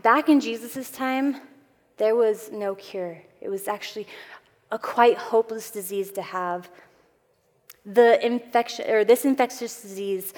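A woman preaches a Bible lesson to a gathering of women, her voice sitting in an ordinary middle register. She talks earnestly and expressively, pushing some phrases out with force and pulling others down low. A long reverb trails each phrase, as in a large hall. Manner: earnest, expressive preaching with emphatic swells and soft drops. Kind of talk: sermon.

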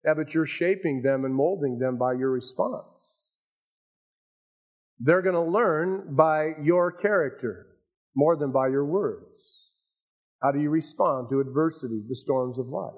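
An older man preaching a sermon as pastor, swinging between raised emphasis and hushed asides. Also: mid-range voice.

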